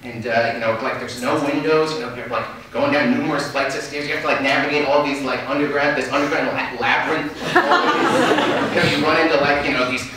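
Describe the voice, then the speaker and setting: A man's voice: medium pitch, fairly even intonation, fast, few pauses, recorded from a distance. A young man doing a stand-up comedy set, rambling and hesitant, with many fillers, in a small theater. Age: young adult. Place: small black box theater. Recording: roomy hall, mic set back, loud noise. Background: audience laughter.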